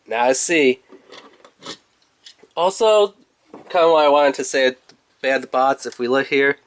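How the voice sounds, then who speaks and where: A man's voice: mid-range voice, a bit bright, slight background noise. A man casually reviewing a toy in a rambling, playful, chatty way.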